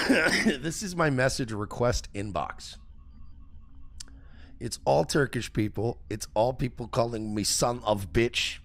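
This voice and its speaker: A man hosting a livestream, telling a story in a profane, animated rant. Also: medium pitch, takes it slowly. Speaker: host.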